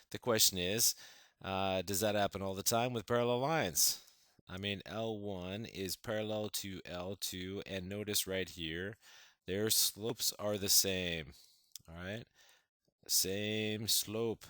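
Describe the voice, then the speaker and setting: A man's voice: sits low, measured pace, a bit bright, no echo. A man teaching a math lesson, counting through steps with playful, enthusiastic exclamations.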